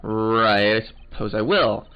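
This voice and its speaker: Voicing a game as he plays, this let's play host chats in a loose, joking way. His lowish voice is unhurried, clear, and resonant, though the recording is muffled with game music in the background.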